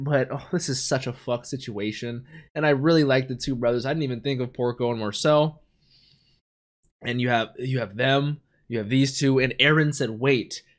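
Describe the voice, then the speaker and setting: Emotional man reacting to an anime episode. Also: on the high side. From United States. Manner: emotional, swings between hushed dismay and loud excited outbursts. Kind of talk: live reaction commentary.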